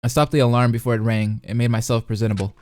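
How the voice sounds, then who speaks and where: A man's voice: mid-range voice, little pitch movement, quick pace, darkish tone, dry recording. A young man streaming a live reaction, reading a visual novel aloud and chatting playfully with his chat. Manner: playful, chats with his live chat between read passages. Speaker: streamer and commentator.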